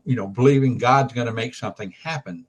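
A man's voice: mid-range voice, fast talker, slightly rough. A man in a group Bible discussion, speaking emphatically. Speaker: group member.

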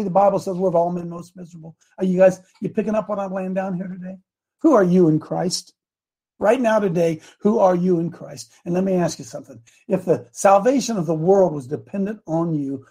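A man preaching a sermon, fervent and folksy, climbing into loud emphatic passages when he reads scripture. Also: high voice, fairly quick. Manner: fervent, rising to shouts on scripture, folksy asides.

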